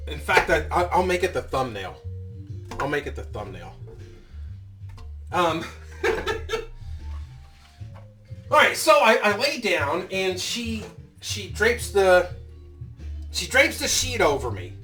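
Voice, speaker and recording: High, lively man in his fifties ranting. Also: slow pace, pauses often, far from the mic, soft background music. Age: 50s. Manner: profane, heated ranting. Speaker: vlogger. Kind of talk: casual storytelling.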